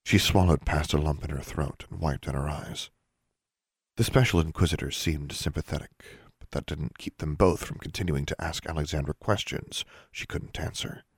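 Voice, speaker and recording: A male audiobook narrator with a very deep, husky voice, reading at a steady, even pace. The recording is close and dry, with no room sound. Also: normal speed, no echo.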